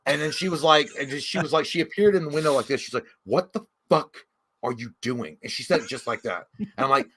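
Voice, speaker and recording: A man co-hosting a podcast, telling a rowdy story in a profane, animated way and acting out what people said. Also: on the high side, quick pace, hardly any pauses, slightly rough. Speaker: podcast co-host. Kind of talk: casual storytelling chat.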